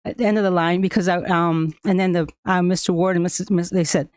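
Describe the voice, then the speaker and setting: A woman's voice: on the low side, steady tone, quick pace, a little mellow, clear, resonant tone, no room sound, studio quality. A woman whose first language is Spanish, a school staff member telling the board a personal story, with many fillers and restarts and frequent laughs. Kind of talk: personal account at a public meeting.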